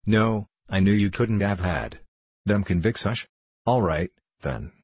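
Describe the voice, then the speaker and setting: A man's voice: lowish voice, animated, takes it slowly, darkish tone, breathy edge, no echo, full character voice. A man voicing a blunt, devoted old country nurse who speaks in folksy dialect. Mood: urging. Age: over 60. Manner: folksy dialect, urgent and coaxing.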